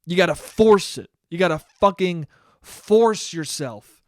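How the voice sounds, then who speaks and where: A man's voice: sits high, animated, measured pace, dry recording, studio quality. A young man hosting a solo podcast, ranting in a profane, self-mocking way and acting out the voices in his head. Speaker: podcast host. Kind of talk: solo comedic monologue.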